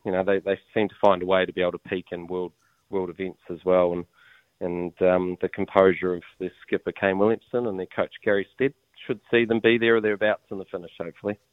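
A New Zealand man talks in a relaxed, chuckling, matey way as he calls in to a show. His voice sits fairly low, and the sound is close and dry. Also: quick pace, no echo, narrow, tinny audio. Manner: laid-back, chuckling, matey. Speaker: show regular calling in from abroad. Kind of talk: casual chat.

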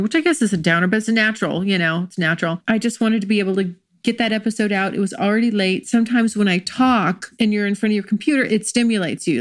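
A woman hosting her own podcast in casual solo chat, excitable and rambling, laughing often, recorded at a home microphone. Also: mid-range voice. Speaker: podcast host. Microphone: desk microphone.

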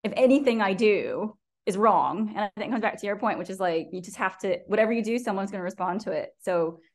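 An American woman, a professor talking as a guest in an interview, lively and quick to act out what other people say. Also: medium pitch. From United States. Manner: animated, quotes critics in mocking voices. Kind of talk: conversational interview.

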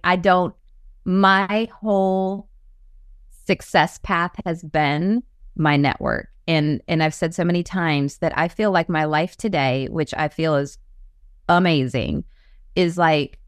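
Woman, interview host, low pitch, smooth, chatty, dry sound. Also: dry recording. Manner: chatty, uses many fillers. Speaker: podcast host. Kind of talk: casual interview chat.

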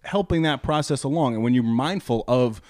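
A young man co-hosting a podcast, talking earnestly in a halting way with many restarts. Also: medium pitch, darkish tone, dry recording. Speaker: podcast co-host. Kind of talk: casual chat.

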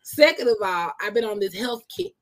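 A woman's voice: medium pitch, very animated, brisk. A woman hosting her own podcast in a laid-back, chatty way, laughing often and sounding tired after a workout. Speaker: podcast host. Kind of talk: casual podcast chat.

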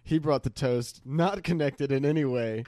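A man's voice: mid-range voice, moderate pace, dark tone. A young man co-hosting a podcast, chatting casually, joking and laughing often with rambling asides. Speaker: podcast co-host. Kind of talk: casual chat.

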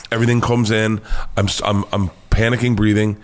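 American male comedian, animated storyteller, swears freely, jumps into high-voiced impressions. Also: fairly quick. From United States. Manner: excitable, swears freely, acts out quotes in a high voice. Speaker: guest comedian.

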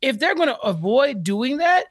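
A man co-hosting a podcast, recapping a TV episode in casual chat, animated and fond of acting out the characters' lines. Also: very high voice, normal speed, slightly rough, no echo, studio quality. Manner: animated, acts out characters with exaggerated quotes. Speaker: podcast co-host.

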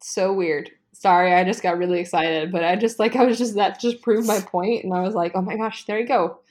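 A woman hosting a casual sports podcast, rambling excitably and swearing freely. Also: mid-range voice, a little fast. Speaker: podcast host. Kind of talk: casual chat. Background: ice maker noise from a fridge.

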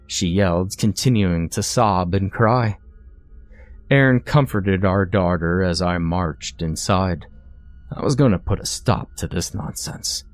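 A man narrating a first-person horror story in a measured, expressive storytelling manner. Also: deep voice, dry recording, faint music behind.

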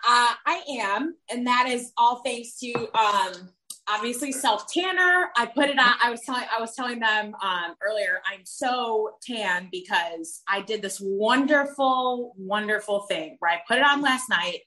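A woman's voice: on the high side, animated, unhurried, bright, forceful tone. A woman co-hosting a casual chat, telling self-mocking stories. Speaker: podcast co-host.

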